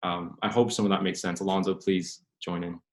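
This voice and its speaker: Man, low voice, earnest, unscripted forum answer, restarts a lot, roomy echo. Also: level tone, fairly quick, darkish tone. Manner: earnest, searching for words with many restarts. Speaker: forum speaker answering questions.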